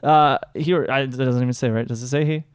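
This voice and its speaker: A man's voice: mid-range voice, steady tone, fast, smooth, dry recording, clean studio sound. A man co-hosting a casual advice podcast, reading listener questions in an easygoing way. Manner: easygoing, reads letters aloud. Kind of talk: casual chat.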